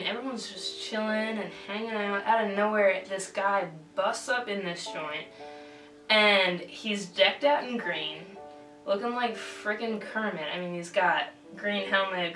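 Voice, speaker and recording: A woman's voice: medium pitch, pushed and bright, far from the mic. Rambling young woman, roomy off-mic sound. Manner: rambling, slangy, many fillers and restarts. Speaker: drunk storyteller. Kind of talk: slangy comedic retelling. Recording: roomy, from off-mic, faint music.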